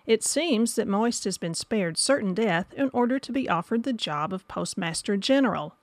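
A woman reading a scripted audiobook review in an even manner. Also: medium pitch, normal speed, no room sound. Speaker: book reviewer.

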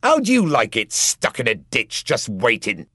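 A man's voice: mid-range voice, wildly swooping pitch, moderate pace, bright, forceful tone, no room sound, clean studio sound, full character voice. A man voicing a grumbling, chatty seal-like male marsh creature in an audiobook. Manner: complaining, chatty.

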